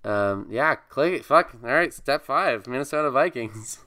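A man's voice: medium pitch, animated, normal speed, sharp tone. A young man co-hosting a casual chat, joking around and reading text aloud.

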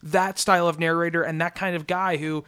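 A man's voice: on the high side, little pitch movement, brisk, pushed and bright, smooth. A man hosting a podcast in casual chat, talking eagerly and restlessly, often restarting his sentences. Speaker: podcast host.

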